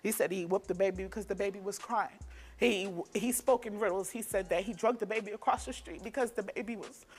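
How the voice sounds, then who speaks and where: A woman's voice: medium pitch, brisk, slightly rough. A young woman, a guest on a talk show, giving an earnest, detailed and emphatic account of events. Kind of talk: personal testimony.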